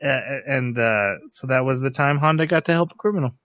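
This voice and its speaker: A man co-hosting a podcast, chatting casually and retelling scenes in an animated way. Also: mid-range voice, brisk, no echo. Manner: animated, retells scenes with quoted voices and laughs. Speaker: podcast co-host. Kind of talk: casual chat.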